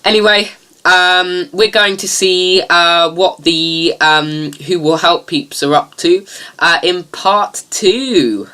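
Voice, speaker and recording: Bright-voiced chatty man hosting. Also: sits high, slow, smooth. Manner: chatty and upbeat, lots of fillers. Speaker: host of a fan review show. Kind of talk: casual review vlog.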